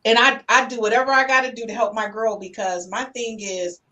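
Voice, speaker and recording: A middle-aged woman hosting a talk podcast. She reads out viewer comments in a lively, casual way and keeps calling people "honey". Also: on the high side, brisk. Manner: lively, calls listeners "honey", Southern-style US slang. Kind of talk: casual chat.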